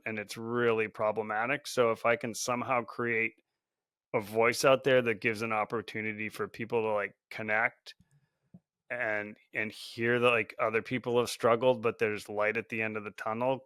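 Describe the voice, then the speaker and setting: A man's voice: fairly low pitch, a bit bright, smooth, no room sound, clean studio sound. A man, a podcast guest, speaking earnestly and reflectively in a casual conversation. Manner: earnest, reflective, often hedging with "like". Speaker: podcast guest, founder of a support group.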